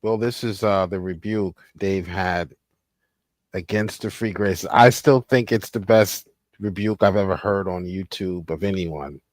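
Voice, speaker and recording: A man in casual podcast talk, speaking haltingly with frequent stammers. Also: low voice, no echo.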